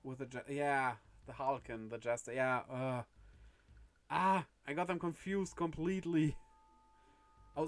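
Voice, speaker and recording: A man streaming a video game, chatting casually and correcting himself as he goes. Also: medium pitch. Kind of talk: casual let's-play chat.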